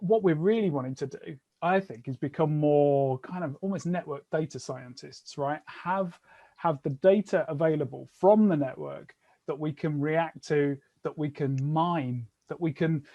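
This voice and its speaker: A man's voice: on the high side, warm tone, highs cut off. A man hosting an interview, responding reflectively and thinking aloud as he talks. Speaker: podcast host. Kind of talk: conversational interview.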